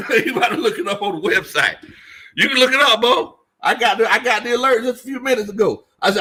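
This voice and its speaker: A man's voice: very high-pitched, a little fast, sharp tone, slightly rough. A man hosting a casual sports commentary livestream, reading out chat comments and joking, repeating lines for emphasis. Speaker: sports show host.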